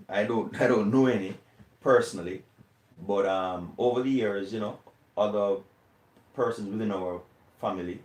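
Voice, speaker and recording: Deep-voiced thoughtful man, distant and echoey. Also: darkish tone. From Jamaica. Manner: thoughtful, hesitant, many fillers. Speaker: interview guest. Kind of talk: interview answer. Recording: echoey room, distant from mic.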